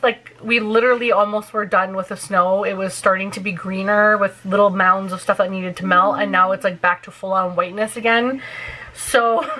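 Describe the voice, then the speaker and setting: A woman's voice: medium pitch, pushed and bright, rough recording. A woman in her thirties chatting casually through a makeup tutorial, giggly and full of fillers. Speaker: beauty vlogger.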